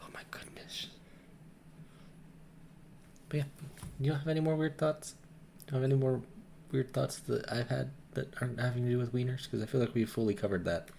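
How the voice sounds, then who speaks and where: A young man co-hosting a podcast in casual chat, goofy and quick to laugh at his own jokes. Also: medium pitch, fairly even intonation, creaky, warm tone, slight background noise. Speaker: podcast co-host.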